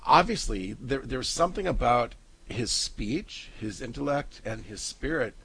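A man's voice: mid-range voice, expressive, moderate pace, bright, forceful tone, breathy edge, rough recording. A male co-host of a Catholic talk show, chatty and jokey, trailing off and restarting often. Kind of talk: casual radio-style chat.

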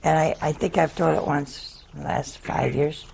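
A woman's voice: low voice, steady tone, normal speed, vocal fry, darkish tone, slightly rough. An older woman, a nun, telling a humorous folksy story to an audience. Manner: humorous, folksy anecdote with laughs. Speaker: nun giving a talk.

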